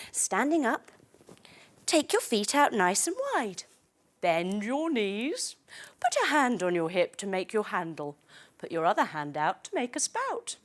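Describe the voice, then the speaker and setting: A woman teaching yoga to children through a bedtime story, giving gentle, playful, coaxing instructions. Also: on the high side.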